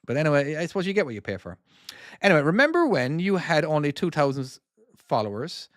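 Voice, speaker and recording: An indie game developer and streamer from Cork, Ireland, in his forties, chats casually on a livestream as he plays his own game and reads out comments. His medium-pitched voice, with a Cork Irish accent, rambles and often repeats and restarts words. The studio-quality sound has no echo.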